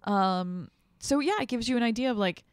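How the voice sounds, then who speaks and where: A woman's voice: on the high side, moderate pace, smooth, no echo, studio quality. Chatty woman co-hosting a podcast. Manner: chatty, laughs easily. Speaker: podcast co-host. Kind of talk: casual chat.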